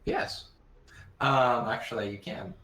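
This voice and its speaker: A man running a tabletop game as game master, talking haltingly with lots of fillers. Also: medium pitch, big pitch swings, pushed and bright. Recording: echoey room with faint background noise.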